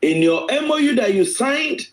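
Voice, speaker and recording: A man's voice: very high-pitched, sing-song, normal speed, low-quality recording. A man speaking emphatically on a live stream, repeating phrases, his voice swinging sharply up and down. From Nigeria. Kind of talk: impassioned live-stream talk.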